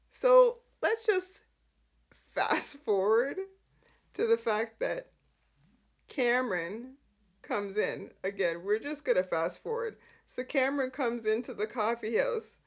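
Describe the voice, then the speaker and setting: A woman's voice: on the high side, slow pace. A woman hosting a podcast who recaps soap opera scenes casually, acting out the characters' lines and laughing often. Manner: animated, acts out characters' lines in voices; laughs often while telling. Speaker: podcast host.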